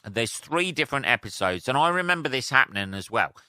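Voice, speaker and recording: A man's voice: mid-range voice, sing-song, fairly quick, sharp tone, clear, resonant tone, no echo, clean studio sound. A young man hosting a solo podcast, rambling and swearing as he tells jokey stories. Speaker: podcast host. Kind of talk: casual solo podcast rant.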